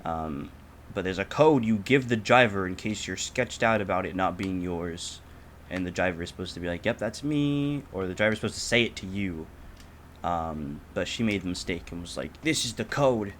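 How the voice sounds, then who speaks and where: A teenage man telling a story on a podcast in casual chat, swearing a lot and acting out the people in it loudly. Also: low voice, normal speed, slight background noise. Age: teens. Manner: animated, profane, acts out quotes loudly. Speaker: podcast co-host.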